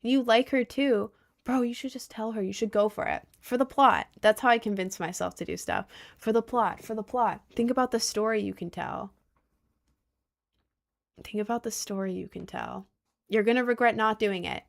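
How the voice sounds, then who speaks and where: Excitable woman chatting on stream. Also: normal speed, gravelly. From United States. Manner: excitable, gushing, playful, with squealing jumps in pitch. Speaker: livestreamer reading chat. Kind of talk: casual live-stream chat.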